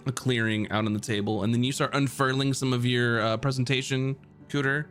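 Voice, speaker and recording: A man's voice: medium pitch, steady tone, a little fast, a bit bright, smooth. Guy running a d&d game, chill and chatty, laughs a lot, faint music behind. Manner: casual, laughing, lots of fillers. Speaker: game master. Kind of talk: narrating a tabletop game.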